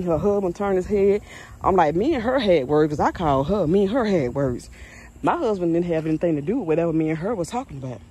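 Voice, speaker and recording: A woman's voice: lowish voice, warm tone, a little hiss or hum. Chatty slangy woman vlogging outdoors. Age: adult mother. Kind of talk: casual vlog chat. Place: outdoors on a neighborhood street. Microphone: phone camera held by someone else.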